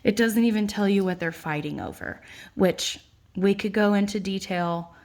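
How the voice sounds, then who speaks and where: A woman teacher, tired late at night, slowly and patiently walking students through their notes in a recorded lesson. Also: medium pitch, a little mellow. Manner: slow, patient explaining.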